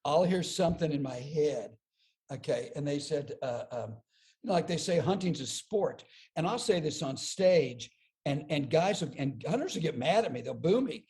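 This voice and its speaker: A man's voice: a little high, moderate pace. A man who is a comedian, talking on a podcast interview and telling stories with lots of energy, often repeating words as he builds up a joke. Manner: animated storyteller, repeats words as he builds jokes. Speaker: comedian guest.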